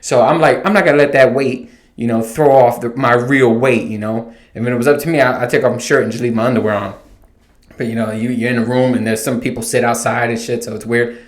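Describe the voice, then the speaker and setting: A man's voice: medium pitch, steady tone, fast talker. A man in a mid-range voice rants casually and swears freely as he tells an exasperated comic story. His voice rings in a roomy, echoey space. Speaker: podcast host. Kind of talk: casual comedic rant. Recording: roomy echo.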